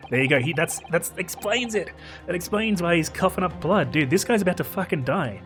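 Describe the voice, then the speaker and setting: A man giving casual, excitable gameplay commentary and swearing freely, with game music behind. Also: high-pitched, a little fast. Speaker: let's play streamer.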